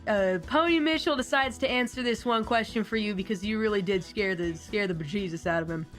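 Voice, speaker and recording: A woman narrating a tabletop game as game master, in an animated way and often laughing. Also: mid-range voice, fairly quick, faint music behind.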